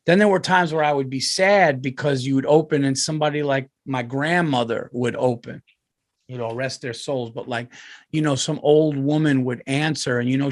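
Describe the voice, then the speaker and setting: A man, telling a rambling, profane story on his podcast and loudly acting out other people's voices. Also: mid-range voice, dry recording. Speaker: comedian and podcast host. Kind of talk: casual storytelling.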